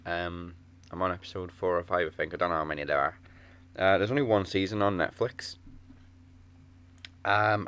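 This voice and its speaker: Casual podcast co-host, male, very deep voice, chatty storyteller who acts out quotes. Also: fairly bright tone. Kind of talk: casual chat.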